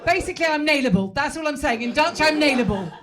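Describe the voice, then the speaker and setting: A woman's voice: high voice, animated, fast talker, fairly bright tone. An English woman performing stand-up comedy, chatty and self-mocking, talking with the crowd from a club stage. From England.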